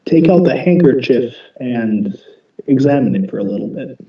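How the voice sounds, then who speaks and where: A man's voice: mid-range voice, lively intonation, normal speed, warm tone, recorded from a distance. A man playing a tabletop game, speaking hesitantly and stammering as he plays his character. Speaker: player. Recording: roomy, from off mic.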